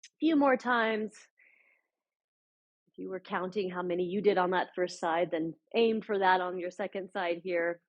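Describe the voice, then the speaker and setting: A woman leading a guided chair yoga class as an adaptive yoga instructor, giving gentle, encouraging cues with frequent fillers. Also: on the low side, moderate pace, lo-fi sound.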